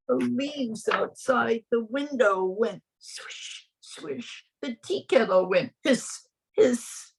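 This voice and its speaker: A woman from the United States telling a children's story with animated sound effects. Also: fairly high pitch, slow pace, gravelly, slightly rough, rough recording.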